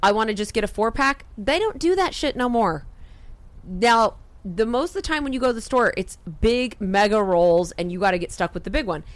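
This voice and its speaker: Profane, animated woman ranting. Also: fairly high pitch, normal speed, no room sound. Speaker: podcast co-host. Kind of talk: casual comedic podcast rant.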